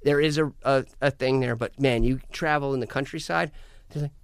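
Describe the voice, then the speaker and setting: Casting: young American guy, animated and swearing, dry close sound. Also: mid-range voice, fairly quick, clean tone, dry recording. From United States. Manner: animated, profane, ranting with put-on quotes. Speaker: guest musician. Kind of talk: casual podcast chat.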